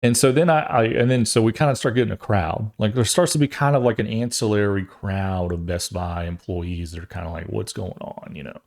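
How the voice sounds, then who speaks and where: A man's voice: lowish voice, a little fast, hardly any pauses, darkish tone. A man in his thirties, a podcast host, telling a long rambling story in a casual way and acting out the voices of other people as he goes.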